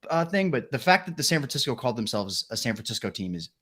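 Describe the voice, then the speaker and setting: Male co-host, casual chat, teasing retellings, mid pitch with a very lively, swinging delivery. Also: fast talker. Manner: teasing, recounts stories with mock quotes. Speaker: podcast co-host.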